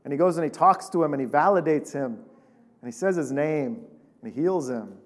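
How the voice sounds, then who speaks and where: A man preaching a sermon as a pastor, talking in a casual, animated way and asking the congregation questions. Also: a little high, fairly quick.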